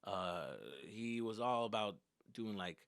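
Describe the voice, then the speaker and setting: A man's voice: lowish voice, takes it slowly, a bit bright, no room sound, clean studio sound. A male comedian telling casual, profane childhood stories and slipping into Spanish at times. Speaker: stand-up comedian. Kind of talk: comedic storytelling.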